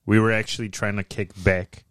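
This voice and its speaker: Man, casual chat, laid-back, deeper voice, dry sound. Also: level tone, a little fast, a bit bright, clean tone, dry recording.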